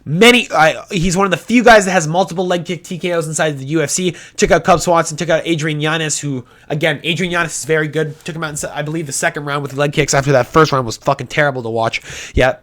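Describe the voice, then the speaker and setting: Man, rapid-fire talk, blunt, swears a lot, slightly high pitch, opinionated fight picks. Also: steady tone, a bit bright. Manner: fast talking with restarts. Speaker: fight predictions host. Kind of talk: casual breakdown talk.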